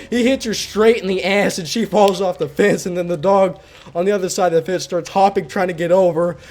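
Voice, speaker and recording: A man's voice: sits high, slight background noise. A young man casually telling a rowdy family story on stream, swearing and laughing as he acts out relatives. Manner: animated, laughing, swearing, acting out relatives' voices.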